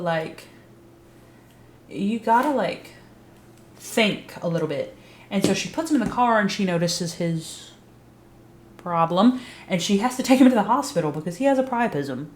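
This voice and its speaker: A woman's voice: mid-range voice, darkish tone. A young adult woman recapping a TV series in casual, blunt, emphatic talk, swearing freely. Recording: roomy echo.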